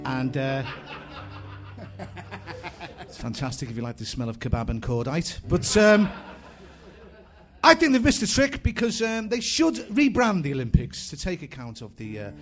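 A man doing dry, hesitant stand-up on a club stage, full of uhs and deadpan asides. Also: mid-range voice, moderate pace, pauses often, faint music behind. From Liverpool, England. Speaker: comedian and musician. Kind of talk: live stand-up comedy.

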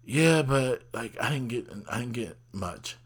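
A man quoting a hungry young boy in his everyday voice, slightly higher and whiny. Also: lively intonation, unhurried, breathy edge. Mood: complaining.

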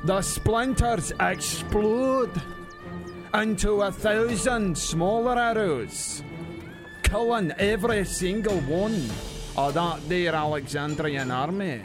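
A man's voice: high voice, slow pace, over music, voice pushed up. A man voicing a boastful old male warrior who tells a swaggering tall tale in a broad, put-on brogue.

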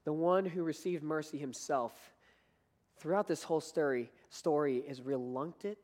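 A fairly high-voiced man delivers a sermon, earnest and conversational, pressing harder on his key points. His voice rings with the long reverb of a large church hall. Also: normal speed, a little mellow. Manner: earnest, conversational preaching with rising emphasis. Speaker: preacher.

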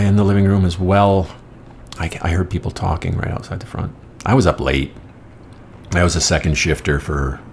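A man's voice: extremely low pitch, gravelly, slight background noise. A middle-aged man telling casual, rambling anecdotes in a wry, profane manner. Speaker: storyteller.

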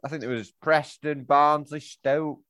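A man's voice: on the high side, unhurried, dry recording. A man hosting a casual football podcast, leading the topics with a dry humor. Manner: leads topics, dry, lively delivery. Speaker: podcast host.

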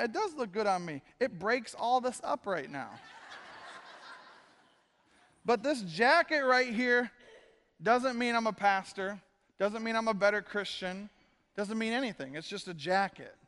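A pastor with a strikingly high voice preaches in a casual, joking manner. He keeps slipping in quick quoted asides. His words ring out with a long hall echo. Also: fairly bright tone. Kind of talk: casual sermon. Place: church sanctuary.

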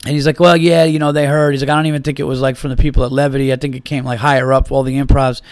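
A man hosting a podcast, animated as he retells a story, acting out the quotes and swearing freely. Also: mid-range voice, racing, no room sound. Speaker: podcast host. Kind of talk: casual storytelling.

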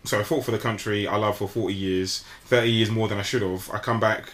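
Bright-toned man for a rambling casual podcast chat. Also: lowish voice, fairly even intonation, fast. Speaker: book club member.

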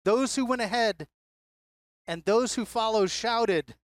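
A Bible teacher leading a class in a conversational way, posing rhetorical questions and jumping up in pitch to stress points. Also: slow, pauses often, no room sound, clean studio sound.

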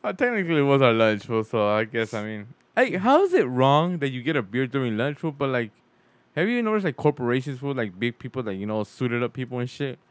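A man's voice: medium pitch, sing-song, fairly quick, no room sound. A man co-hosting a podcast, chatting crudely with his friend, full of slang and swearing. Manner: profane slangy banter, calls friend fool and dog. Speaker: podcast co-host. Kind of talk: crude casual chat.

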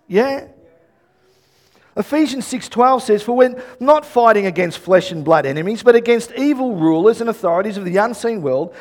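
High-voiced man preaching animatedly. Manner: animated, acts out quoted dialogue, shouts emphasis. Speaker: pastor. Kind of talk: sermon.

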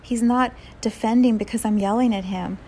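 A woman giving a spiritual talk to listeners, speaking softly and unhurriedly, often laughing and sometimes dropping to a whisper. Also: fairly high pitch, steady tone, normal speed, a little hiss or hum. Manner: drops to a whisper at times. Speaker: spiritual teacher.

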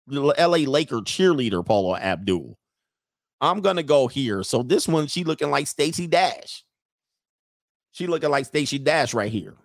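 A man's voice: mid-range voice, gravelly, dry recording. Mocking slangy man, dry close sound. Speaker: commentator reacting to photos. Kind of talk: casual on-screen commentary.

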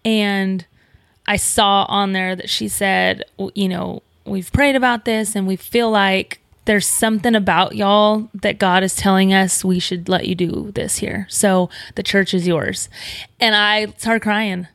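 A woman's voice: mid-range voice, steady tone, measured pace, vocal fry, fairly bright tone, dry recording, studio quality. A woman, chatting casually as co-host and acting out quoted dialogue while telling a story. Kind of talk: casual chat.

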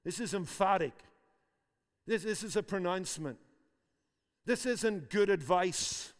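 Male pastor, high-pitched, emphatic sermon delivery, long reverb. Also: animated, measured pace. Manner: emphatic, repeats phrases for force.

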